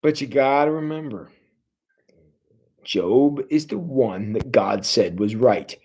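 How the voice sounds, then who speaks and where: A man's voice: mid-range voice, lively intonation, takes it slowly, darkish tone, husky. A man leading a livestreamed Bible study as pastor, talking conversationally and often repeating words as he restarts. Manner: addresses viewers directly.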